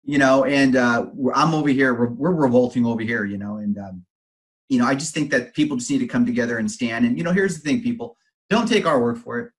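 A man hosting a podcast in a casual interview, telling stories in an animated way with fillers and restarts. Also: mid-range voice, fast. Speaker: podcast host.

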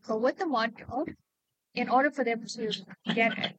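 Woman passer-by, chatty and pitching work, slightly high and dry. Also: moderate pace, a bit bright, dry recording, lo-fi sound. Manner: chatty, pitches a side gig, says "like". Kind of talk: casual chat.

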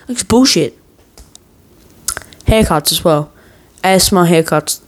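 A man's voice: high voice, expressive, measured pace, long pauses. A man in a worked-up, profane ranting monologue, swearing nearly every sentence as a vlogger.

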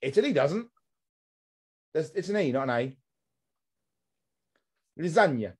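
A man hosting a podcast in an easy, chatty way. His voice sits a little high for a man, and he swears freely as he rants with comic exasperation. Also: very animated, normal speed, a little mellow, husky. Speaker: podcast host. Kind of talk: casual podcast chat.

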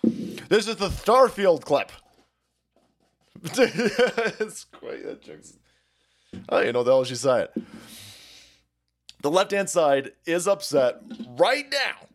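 Man, streamer host, rant, mocking, profane, animated pitch. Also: slow pace, pauses often. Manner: loud, laughing, mocking, foul-mouthed. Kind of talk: rambling political stream rant.

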